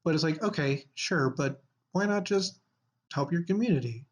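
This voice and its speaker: A man's voice: on the high side, lively intonation, normal speed. A man co-hosting a podcast in casual chat, rambling with fillers and restarts. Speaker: podcast co-host.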